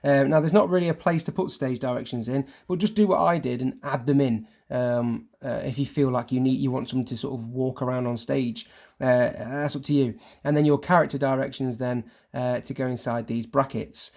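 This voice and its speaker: Creaky-voiced teacher, hesitant. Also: male voice, medium pitch, steady tone, a little fast, a little mellow. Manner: hesitant, many ums and self-corrections, chatty and informal. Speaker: primary school teacher. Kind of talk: recorded remote lesson, talking through on-screen work.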